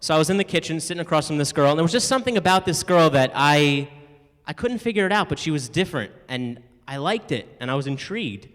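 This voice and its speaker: A man's voice: a little high, lively intonation, quick pace, a bit bright. A young man performing a stand-up comedy set, telling loose stories and acting out other people's voices for punchlines, in front of a live audience. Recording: echoey room, distant mic, noisy.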